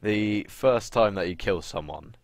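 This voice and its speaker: A man's voice: lowish voice, a little slow, creaky, no room sound, studio quality. A young man co-hosting a casual gaming podcast, sarcastic, swearing often and acting out quotes. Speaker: podcast co-host. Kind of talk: casual chat.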